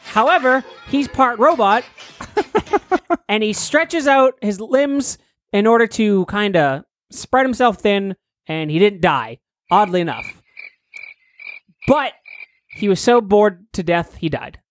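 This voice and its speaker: A man's voice: sits high, expressive, takes it slowly, pauses often, slight background noise. A young man co-hosting a casual podcast, rambling and swearing as he improvises silly stories. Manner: rambling, profane, jokey. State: hot and sweaty. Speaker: podcast co-host. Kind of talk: casual chat, improvised storytelling.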